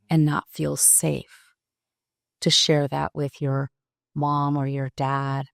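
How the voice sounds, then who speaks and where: Low creaky older woman, halting and reflective. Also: completely flat delivery, no room sound, studio quality. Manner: halting, reflective, many pauses and restarts. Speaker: podcast guest. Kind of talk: personal storytelling interview.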